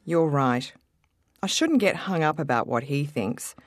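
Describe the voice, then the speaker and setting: A woman with an Australian accent performing a scripted dialogue for language learners, talking clearly and earnestly. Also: sits low, animated, unhurried, no echo, studio quality. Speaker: textbook dialogue speaker.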